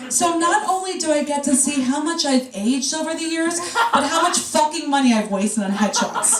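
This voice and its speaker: A woman's voice: high-pitched, expressive, normal speed, background noise. A woman doing a brash, profane stand-up set, teasing the crowd. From New York. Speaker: stand-up comedian. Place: comedy club stage. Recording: roomy club sound from a distance. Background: audience laughter.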